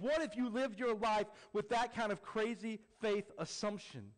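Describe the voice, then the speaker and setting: A man preaching a sermon as a pastor, building to emphatic peaks and then dropping low and quiet. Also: normal speed, hardly any pauses. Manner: acts out quoted voices with jokey flair.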